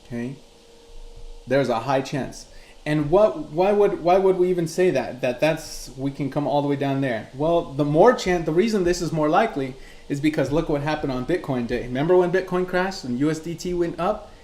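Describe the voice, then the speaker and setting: A man's voice: on the high side, normal speed, a little mellow. Male host, live chart tutorial, chatty and loose, roomy echo. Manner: reads chat aloud, loose and conversational. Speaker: crypto chart analyst hosting a live class.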